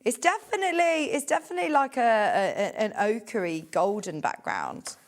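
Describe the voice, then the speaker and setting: A woman's voice: on the high side, sing-song, moderate pace. A woman presenting a live TV shopping show, gushing and chatty with enthusiasm.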